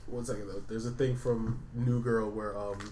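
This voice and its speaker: A man's voice: on the low side, level tone, normal speed, crowd noise. Rambling, swearing male podcast co-host. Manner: rambling, swears freely, laughs at his own stories. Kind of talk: casual chat. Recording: echoey room with faint noise.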